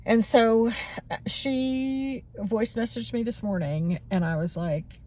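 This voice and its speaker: A woman's voice: mid-range voice, steady tone, a little slow, a little mellow. A woman in her forties talking candidly and rambling a little as she reflects on her own feelings in a personal vlog. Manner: candid, rambling, many fillers and restarts. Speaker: vlogger.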